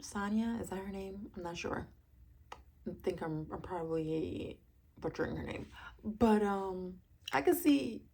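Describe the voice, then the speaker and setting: A woman talks through a reality TV episode in a casual, gossipy review, tossing out sassy asides and rhetorical questions. Her voice carries a gravelly fry and a husky edge. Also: medium pitch, dark tone.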